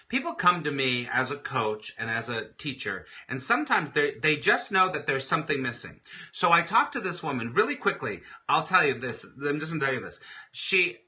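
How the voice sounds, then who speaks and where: Male spiritual coach hosting a morning show: very bright tone, expressive, repetitive phrasing. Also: medium pitch. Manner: expressive storyteller who repeats phrases. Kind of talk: live motivational morning show.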